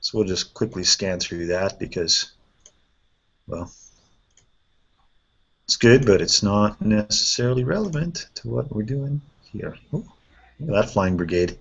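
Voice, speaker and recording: A man hosting a casual chat, reviewing painted miniatures in a relaxed way and thinking aloud with fillers. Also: on the low side, a little slow, gravelly, long pauses, breathy edge. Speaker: host. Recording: dull lo-fi sound.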